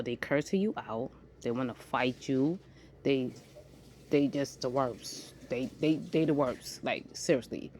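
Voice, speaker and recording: A woman's voice: rumbling low, unhurried, a little hiss or hum. A woman in her forties vlogging in a casual monologue, rambling and jumping from topic to topic. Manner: rambling, jumps between topics; animated, slides into acted-out quotes.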